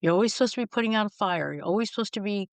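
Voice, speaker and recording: A middle-aged woman, guesting on a podcast, tells wry stories in a frank, rapid-fire way, acting out the voices of the people in them. Her medium-pitched voice is expressive, and the recording is dry.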